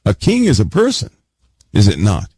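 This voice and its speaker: A man's voice: on the low side, huge pitch swings, moderate pace, a little mellow, husky, no room sound. A man teaching a Bible sermon emphatically, repeating key words and putting questions to his listeners. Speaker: preacher.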